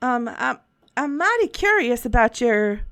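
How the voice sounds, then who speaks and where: A woman's voice: a little high, very animated, a little slow, fairly bright tone, clean tone, dry recording, clean studio sound, exaggerated voice. A woman doing a cagey Southern handyman. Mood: folksy. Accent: put-on Southern US drawl. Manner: drawling, hesitant, folksy. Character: shady folksy male handyman tinkerer, friendly but cagey.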